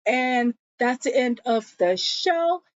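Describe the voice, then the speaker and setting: A chatty, blunt woman recaps a TV episode, swearing freely as she goes. She talks slowly in a somewhat high voice. The sound is dull and dry with no room echo. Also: expressive. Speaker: show recap vlogger.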